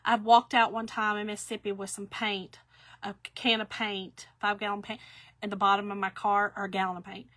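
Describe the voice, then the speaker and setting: A woman's voice: medium pitch, level tone, a little fast, sharp tone, no room sound. A middle-aged woman, rambling through stories while demonstrating a craft to viewers. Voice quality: chatty, rambling storyteller. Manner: talks to viewers while working with her hands. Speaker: craft shop owner. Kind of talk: chatty livestream crafting demo.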